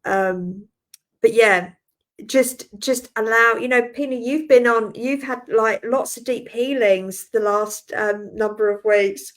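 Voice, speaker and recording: A woman's voice: a little high, slow. An Australian woman in her forties, a spiritual healer chatting casually on a live stream, rambling, laughing often and answering viewers by name. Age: 40s.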